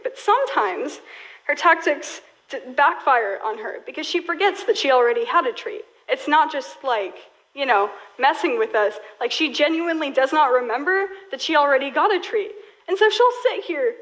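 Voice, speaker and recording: A woman's voice: high voice, lively intonation, normal speed, a bit bright, poor audio. A young woman preaching a sermon in a casual, storytelling way, full of "like" fillers.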